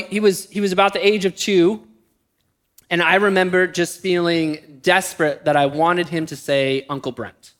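High-voiced man preaching a sermon. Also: a bit bright. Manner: storytelling, shifting between quick bursts and slow emphatic phrases. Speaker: pastor.

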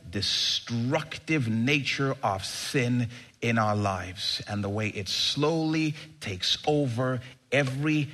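A male pastor preaching a sermon in an animated, emphatic way, with sudden bursts of excitement. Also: medium pitch.

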